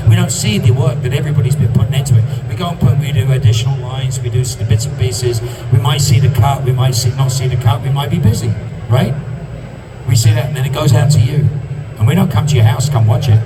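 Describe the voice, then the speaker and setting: Guy giving a heartfelt talk on stage at a con, kinda far from the mic, lots of background noise. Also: mid-range voice. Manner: passionate, emphatic repetitions. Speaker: convention guest speaker. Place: convention hall stage.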